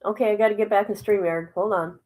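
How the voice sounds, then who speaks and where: A woman hosting a casual livestream, reading a report aloud haltingly and breaking off with exclamations and asides to her viewers. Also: mid-range voice, fairly even intonation, darkish tone, low-quality recording. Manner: drops into whispers at times. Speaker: livestream host.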